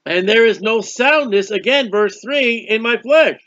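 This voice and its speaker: A man's voice: high-pitched, measured pace, no room sound, lo-fi sound. A man preaching a sermon, reading scripture aloud and explaining it, drawing out words for emphasis. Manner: expressive Bible reading with commentary, stretches words.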